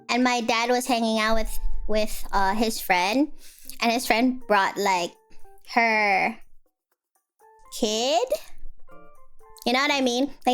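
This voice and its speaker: A young woman with a high, light voice chats casually on stream, rambling through an animated story packed with fillers. Soft music plays faintly behind her. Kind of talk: casual chat.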